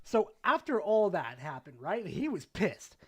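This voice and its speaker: A streamer telling a story to chat in a casual, animated way, swearing a lot. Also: mid-range voice, unhurried, breathy edge, dry recording.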